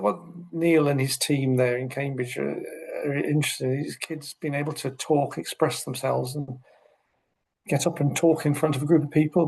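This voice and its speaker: Middle-aged guy on a podcast, gravelly, acts out little bits of dialogue as he talks. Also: on the high side, poor audio. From United Kingdom. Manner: animated storyteller, acts out quoted speech. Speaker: guest, social care researcher. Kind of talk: conversational podcast interview.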